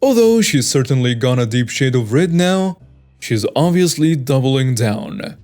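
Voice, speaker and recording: A man's voice: mid-range voice, sing-song, a little slow, darkish tone, faint music behind. Man steadily reading stories aloud. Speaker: story narrator.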